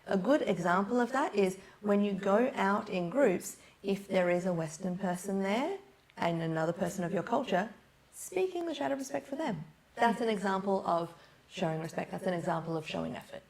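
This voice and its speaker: Female speaking coach, podcast guest, animated delivery, slight vocal fry. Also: mid-range voice, moderate pace. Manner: animated, acts out examples in different voices. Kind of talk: podcast conversation.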